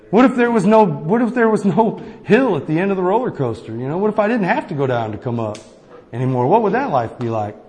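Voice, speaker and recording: A man preaching a sermon in a casual, conversational way, often checking in with the listeners with a quick "right?". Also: fairly high pitch. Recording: long reverb of a hall.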